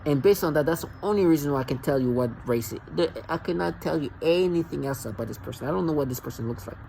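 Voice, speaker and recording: A man's voice: a little high, quick pace, vocal fry, warm tone, a little hiss or hum, poor audio. Agitated man ranting to camera. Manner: agitated, mocking rant with repeated restarts. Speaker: vlogger. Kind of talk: rambling monologue to camera.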